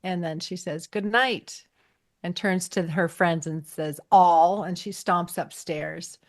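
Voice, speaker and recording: A woman co-host retells a TV episode in a relaxed, chatty way, slipping into the characters' lines as she goes. Her voice sits a little low. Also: unhurried. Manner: animated retelling, acting out dialogue. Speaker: podcast co-host. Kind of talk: casual episode recap chat.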